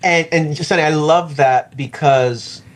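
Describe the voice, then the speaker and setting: A middle-aged man, a pastor, talking reflectively and earnestly about faith in an interview, slowing down to stress his points. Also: a little high.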